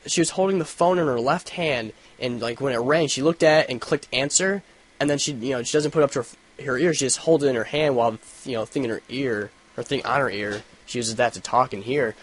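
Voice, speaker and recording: A young man telling a story in a casual vlog, swearing a lot and rambling, with sudden loud rants. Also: medium pitch, fast, slightly rough. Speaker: gaming vlogger. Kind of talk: casual ranting vlog update.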